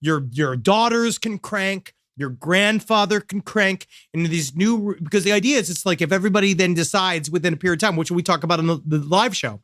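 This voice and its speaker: Male comedy podcast co-host, higher voice, excitable riffer, dry studio sound. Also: fairly quick, hardly any pauses, no room sound. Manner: excitable, riffing, jokey. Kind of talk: casual comedy podcast chat.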